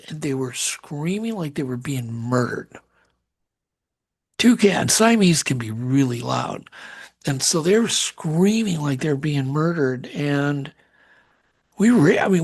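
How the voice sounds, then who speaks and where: A middle-aged man telling a strange story as a podcast guest, animated and acting out what people said. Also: a little high, creaky, husky. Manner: animated storyteller, acts out quotes.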